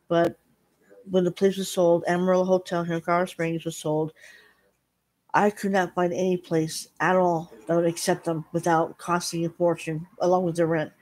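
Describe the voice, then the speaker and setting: A woman's voice: on the low side, darkish tone. Rambling middle-aged woman vlogger. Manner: rambling, halting storytelling with many restarts. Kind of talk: casual chat.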